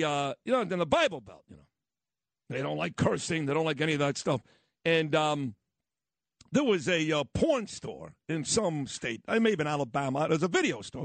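A man's voice: on the high side, no room sound. A brash man with a New York accent holds forth on talk radio, his voice swinging widely up and down as he tells stories. He sounds blunt and unfiltered. The sound is close and dry, with no room around it. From Brooklyn. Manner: blunt, brash, animated storytelling. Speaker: radio host. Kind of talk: opinionated talk radio monologue.

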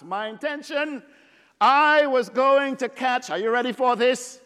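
A man from Trinidad and Tobago, preaching a sermon with dramatic pauses and stretched words and joking with the congregation. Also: extremely high pitch, fairly bright tone, clean tone, big-room sound.

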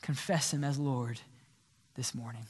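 Impassioned older preacher in echoing church. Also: male voice, medium pitch, steady tone, a little slow, breathy edge. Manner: impassioned, swinging from loud appeals to hushed pleas. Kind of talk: sermon. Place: church sanctuary. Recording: long church hall reverb.

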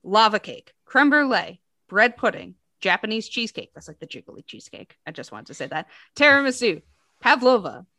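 An American woman co-hosting a podcast, her voice bright and forward. She chats easily and reads lists aloud with bouncy lifts, recorded close and dry with no room sound. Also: medium pitch, a little fast, no room sound. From United States. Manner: chatty, reads lists out with lively rises. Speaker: podcast co-host. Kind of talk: casual chat.

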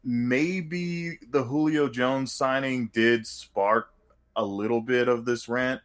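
A man's voice: medium pitch, fairly even intonation, slow. A man co-hosting a casual sports podcast, thinking aloud with stops and repeated words. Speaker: podcast co-host.

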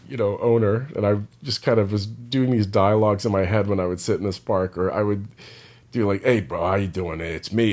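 A man with a lowish voice talks through a relaxed, meandering vlog. His thoughts wander freely and he leans heavily on "like". He sounds unhurried and personal. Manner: loose and meandering, heavy use of "like". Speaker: indie rock singer and vlogger. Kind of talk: casual rambling vlog chat.

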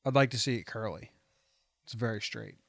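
A man's voice: lowish voice, brisk, vocal fry, a bit bright, no echo. A man co-hosting a podcast, chatting casually and rambling about a TV show, laughing often. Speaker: podcast co-host.

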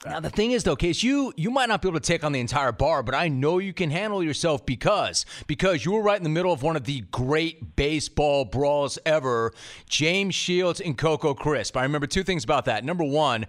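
A middle-aged man with a slightly raised voice hosts a podcast interview. He talks in short, punchy bursts and fires off his thoughts quickly. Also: fairly high pitch, lively intonation. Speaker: podcast host. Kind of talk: interview chat.

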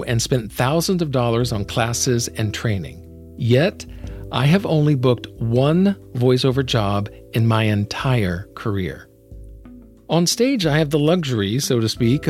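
A man's voice: medium pitch, darkish tone. Conversational man hosting, faint music. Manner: conversational, shares anecdotes, laughs along. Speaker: podcast host. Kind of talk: casual interview.

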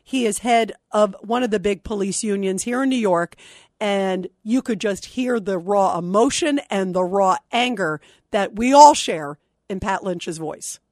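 A woman's voice: mid-range voice, unhurried, a little mellow, no room sound. A woman hosting a call-in talk radio show, speaking in an impassioned, outraged and emphatic way into a studio microphone. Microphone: studio microphone, dry.

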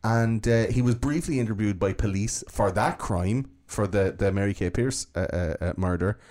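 A man's voice: lowish voice, normal speed, a little mellow. A man hosting a podcast, telling a true-crime story in a casual, profane, joking way. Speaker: podcast host.

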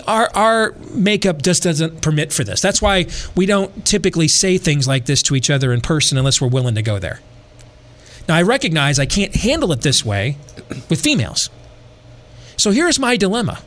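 A man hosting a podcast, telling a long personal story in a casual, animated way, repeating himself and adding dry asides. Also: high voice, moderate pace. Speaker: podcast host.

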